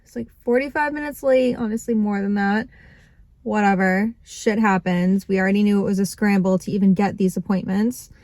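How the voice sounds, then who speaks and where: A woman's voice: medium pitch, fairly even intonation, normal speed, darkish tone, no room sound, low-quality recording. A young woman vlogging right after a medical appointment, upset and close to tears, laughing nervously as she talks. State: tearful. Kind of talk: emotional personal vlog.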